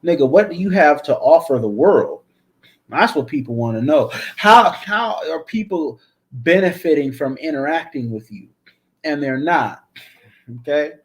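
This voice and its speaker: A man's voice: fairly high pitch, animated, measured pace. A man hosting his own channel, ranting in a blunt, profane, repetitive way. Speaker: channel host. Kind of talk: casual ranting commentary.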